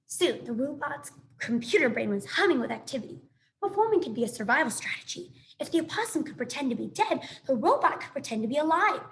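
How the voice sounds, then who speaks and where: A woman's voice: high voice, very animated, fast talker. Encouraging woman teacher reading aloud. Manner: warm, encouraging, speaks directly to students. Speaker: elementary school teacher. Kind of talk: read-aloud storytelling for children.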